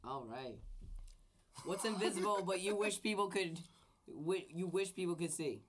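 A woman's voice: lowish voice, moderate pace, slight background noise. A woman co-hosting a casual comedy podcast, hyping her partner by echoing his lines and asking him silly questions. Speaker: podcast co-host.

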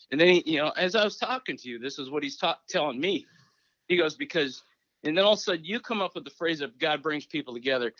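A man's voice: on the high side, fast talker, dry recording. A former hockey coach from Minnesota, a man, telling stories in a casual interview and acting out remembered conversations. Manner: animated, acts out remembered conversations. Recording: dry, dull lo-fi recording.

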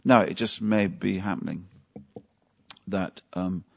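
The temple lecturer speaks slowly in a low, gravelly, slightly rough voice with fairly even intonation. His devotional class mixes conversational storytelling with questions aimed at the audience.

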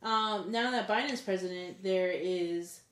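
A woman's voice: on the low side, unhurried, fairly bright tone. Woman, podcast co-host, blunt, exasperated, echoey room. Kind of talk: casual podcast chat. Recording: roomy echo.

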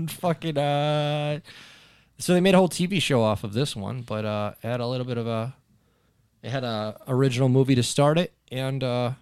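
A man's voice: mid-range voice, darkish tone, smooth, dry recording, studio quality. A man hosting a casual podcast chat, rambling and swearing often. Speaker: host.

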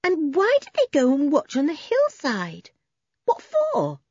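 A woman reading aloud, voicing a timid, gentle young girl who wonders aloud. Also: sits high, wildly swooping pitch, measured pace, no echo, lo-fi sound, voice pushed up, exaggerated voice. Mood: wondering. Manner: wondering, questioning.

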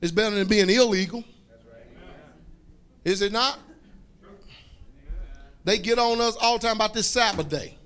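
A man preaching a fiery sermon, repeating phrases, calling for responses and breaking into shouts. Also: sits high, a little slow, long pauses, clean tone.

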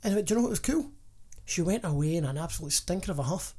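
Scottish man, personal trainer, podcast co-host, blunt, sweary, mellow warm tone. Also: fairly high pitch, animated, quick pace, husky. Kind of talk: casual podcast chat.

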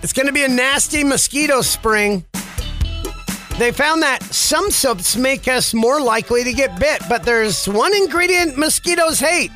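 Male podcast host, very high pitch, wry news-chat delivery over a music bed. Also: animated, measured pace, pushed and bright. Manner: wry, sarcastic asides on the news. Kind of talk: radio-style news chat.

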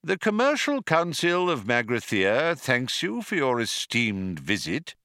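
A man reading an audiobook and voicing an old recorded announcer from an ancient world, hollow and reedy, polite with quiet menace. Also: mid-range voice, huge pitch swings, measured pace, dry recording, clean studio sound, heavily acted. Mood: courteous.

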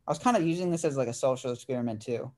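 Racing through his story, a relaxed podcast host in his twenties chats casually in a warm, mid-range voice, peppering it with "dude" and "like."

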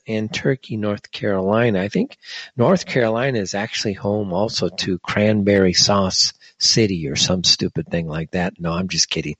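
A man from the United States talks through a loose, joking monologue in a fairly low, slightly husky voice. He wanders off track and catches himself with asides. The recording is dry and a little muffled, like a lo-fi home setup. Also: no echo. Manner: rambling, joking asides, self-correcting. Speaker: podcast host. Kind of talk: casual monologue.

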